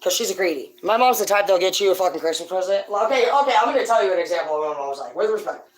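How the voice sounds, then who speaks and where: A woman telling profane, rambling comedic stories about growing up on a farm, in a loose, animated way. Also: medium pitch, very fast, far from the mic. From rural farm upbringing. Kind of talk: casual comedic storytelling. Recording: roomy, away from the mic.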